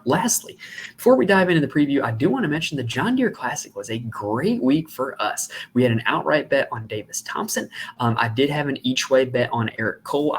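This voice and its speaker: A man's voice: medium pitch, fairly bright tone, slight background noise. Chatty male podcast host. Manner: chatty and conversational, talks at length. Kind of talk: casual sports betting preview.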